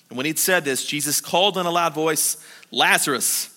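High, bright-voiced preacher in a reverberant hall. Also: male voice. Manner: animated, acts out the disciples and Martha in quick paraphrased voices. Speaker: pastor. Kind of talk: sermon.

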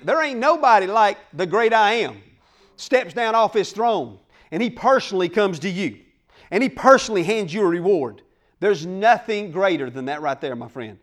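A male pastor preaching a sermon, emphatic and folksy, calling out to the congregation. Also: high voice. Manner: folksy plain speech.

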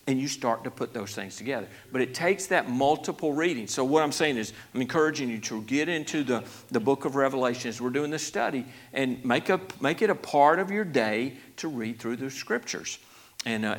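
Male pastor, mid-pitched, folksy sermon delivery with restarts and rising emphasis. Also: lively intonation, brisk. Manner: folksy, conversational, many restarts, grows emphatic. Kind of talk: sermon Bible study.

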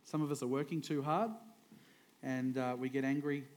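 A man's voice: medium pitch, steady tone, moderate pace, a little mellow. A middle-aged man, preaching a humorous sermon in a jokey, conversational way that often breaks into chuckles. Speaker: pastor.

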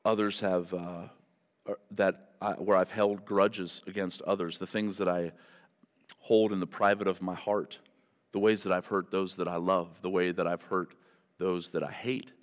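A man's voice: low-pitched, little pitch movement, moderate pace, in a large hall. A pastor preaching a sermon to his church, talking conversationally and then building to impassioned emphasis. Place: church service.

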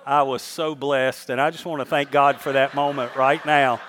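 A man's voice: medium pitch, fairly even intonation, moderate pace, fairly bright tone, a little hiss or hum. A middle-aged man, a pastor telling a funny story from the pulpit to his congregation during a church service. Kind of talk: sermon.

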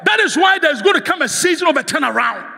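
In a church sanctuary, a guest preacher passionately shouts for the congregation to respond. His very high voice is sing-song, creaky and fast, with a long reverb tail and a little hiss or hum.

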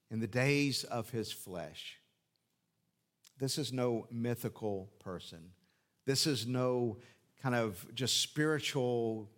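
An earnest male pastor preaching an expository sermon at a mid-range pitch. He unpacks scripture phrase by phrase, poses rhetorical questions and repeats key phrases for weight.

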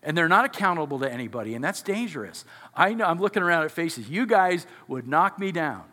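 A man's voice: a little high, sing-song, fairly quick, pushed and bright, long reverb tail. A male pastor preaching a sermon to his congregation in a conversational way, often asking them questions. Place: church sanctuary before a congregation.

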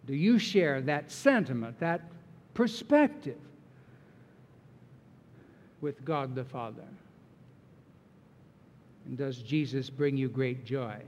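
A man's voice: medium pitch, expressive, slow pace, pauses often, darkish tone. A man preaching a sermon as pastor, earnest and emphatic as he walks through scripture. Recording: long reverb of a large hall.

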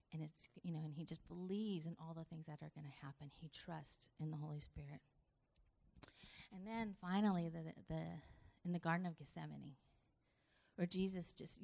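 A woman preaching a sermon in a casual, earnest way, sometimes dropping to a hush and sometimes pressing hard for emphasis. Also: lowish voice, creaky. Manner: conversational, earnest, swings between hushed and emphatic.

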